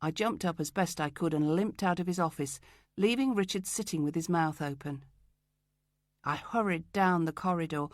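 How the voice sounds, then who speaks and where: A woman reads a first-person crime audiobook in a low, deep voice. Her delivery is steady and controlled. The recording is dry and close. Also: no echo. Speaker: audiobook narrator.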